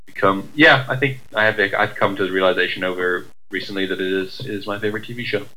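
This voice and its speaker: A woman's voice: very deep voice, fast, bright, forceful tone, rough recording. A woman with an English accent in casual chat, dry and teasing. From England. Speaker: podcast co-host.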